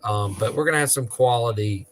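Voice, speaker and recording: A man's voice: medium pitch, fairly quick. Easygoing man chatting, faint noise. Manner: easygoing, with many fillers. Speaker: guest. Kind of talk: casual chat.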